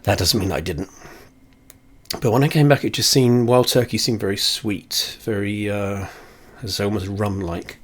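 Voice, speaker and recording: Low-voiced man rambling close to camera. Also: measured pace, breathy edge. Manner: rambling, self-deprecating, swears offhandedly. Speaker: whiskey reviewer. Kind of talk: casual rambling chat. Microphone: camera very close to face.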